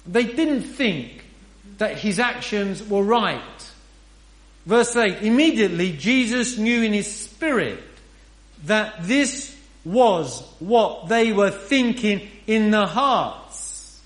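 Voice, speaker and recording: A man's voice: sits high, lively intonation, takes it slowly. A man preaching a sermon in an earnest, emphatic way, often asking rhetorical questions. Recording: roomy echo.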